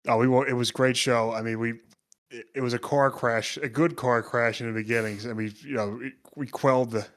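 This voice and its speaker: Halting man calling in as guest. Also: mid-range voice, steady tone. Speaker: guest caller. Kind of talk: casual podcast chat.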